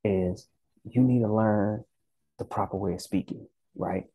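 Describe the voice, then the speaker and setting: Southern US man, vlog host: very low, husky voice, easygoing slangy delivery. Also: steady tone, a little slow, dark tone, dry recording, poor audio. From Southern United States. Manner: laid-back, conversational, slangy, frequent "you know" and "right". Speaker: language-learning channel host. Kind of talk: casual vlog talk.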